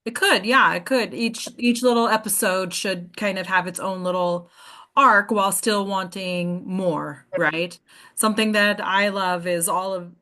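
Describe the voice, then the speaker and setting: A woman's voice: medium pitch, steady tone, unhurried, bright, forceful tone. Encouraging woman leading an acting workshop. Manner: encouraging, keeps checking in with "right?". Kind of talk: casual group discussion.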